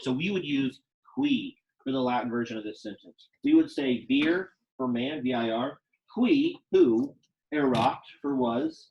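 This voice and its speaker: A man's voice: medium pitch, muffled recording. A young man teaching a Latin class, speaking casually and quizzing his students with questions. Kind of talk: classroom lecture.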